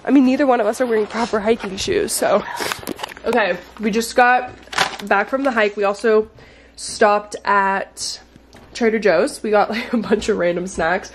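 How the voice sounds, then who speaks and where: A woman's voice: mid-range voice, fairly even intonation, normal speed, background noise. A young woman in casual, upbeat vlog chat, talking straight to her viewers from a hiking trail and her home. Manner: chatty and upbeat, addressing viewers directly. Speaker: vlogger.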